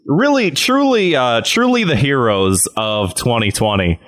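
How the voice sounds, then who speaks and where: A man's voice: mid-range voice, expressive, a little slow, fairly bright tone. A man hosting a comedy podcast, laid-back, laughing along and giving dry comebacks. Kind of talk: casual comedic podcast banter.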